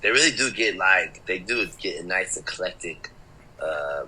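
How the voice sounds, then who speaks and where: A man's voice: low-pitched, animated, a little slow, pushed and bright, slightly rough, poor audio. A man from Chicago, a musician guest in a casual interview, talking laid-back with lots of slang, fillers and laughter.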